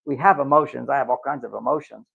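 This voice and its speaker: A man's voice: medium pitch, fast talker, creaky, breathy edge, narrow, tinny audio. A man giving a live talk to an audience, lecturing and acting out quoted voices. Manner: lecturing, acts out quoted voices with lively swings. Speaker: workshop speaker.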